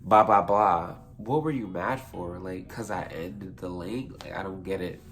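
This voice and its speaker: A man's voice: sits low, moderate pace, darkish tone. A young man casually telling a storytime tale for a vlog, rambling, swearing freely and correcting himself as he goes. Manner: rambling, profane, self-correcting.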